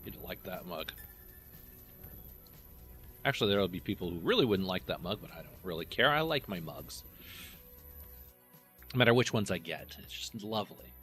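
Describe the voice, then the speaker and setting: A man's voice: deep voice, lively intonation, moderate pace, long pauses, fairly bright tone, faint music behind. A man chatting casually to himself and his viewers while playing a game. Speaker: game streamer. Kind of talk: casual gameplay commentary.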